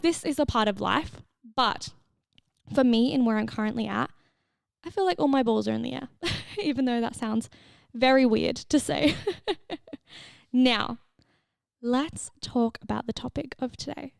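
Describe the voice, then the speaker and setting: A woman's voice: fairly high pitch, creaky, a little mellow, dry recording, clean studio sound. A young woman in her twenties hosting her own podcast, talking candidly and casually, swearing freely and laughing often. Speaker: podcast host and fitness coach. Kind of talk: casual solo podcast chat.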